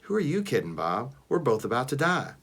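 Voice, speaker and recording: A man's voice: medium pitch, wildly swooping pitch, brisk, fairly bright tone, exaggerated voice. A man voicing a dry, skeptical young female dog who doubts her brother. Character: sharp-tongued female dog, twin sister.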